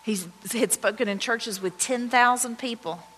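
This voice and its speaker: A woman pastor telling personal stories in a conversational, excited sermon to her congregation. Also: on the high side, moderate pace. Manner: conversational, anecdotal, excited retelling. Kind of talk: storytelling sermon. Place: church sanctuary. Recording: long church-hall reverb.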